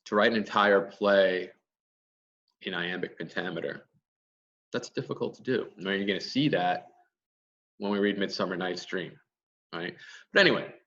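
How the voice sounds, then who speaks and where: A man's voice: lowish voice, unhurried, pauses often, pushed and bright, distant mic, highs cut off. A male teacher giving a lecture, explaining step by step and answering his own questions. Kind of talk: classroom lecture.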